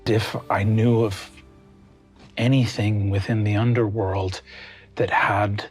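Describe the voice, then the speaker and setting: A man voicing an ancient, solemn goddess queen of the underworld, speaking slowly and gravely in a tabletop game. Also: on the low side, steady tone, darkish tone. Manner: slow, grave, measured speech. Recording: faint music underneath.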